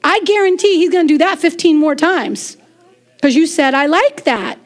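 A woman preacher in her 40s delivers a lively sermon in a high voice. Her style is animated and conversational, sprinkled with quick asides and laughter.

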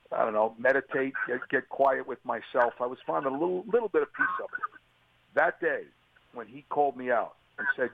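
A man's voice: mid-range voice, vocal fry, no echo. A man, an interview guest, giving an earnest and emotional personal testimony on a radio call. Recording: tinny phone line, dry.

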